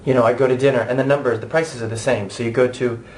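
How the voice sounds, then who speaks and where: An American man in his thirties talks freely in an interview, animated and chatty, often restarting his sentences. His voice sits at a medium pitch. A faint hiss of background noise runs under the recording. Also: fast. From United States. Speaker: interviewee, stage actor. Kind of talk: candid conversational interview.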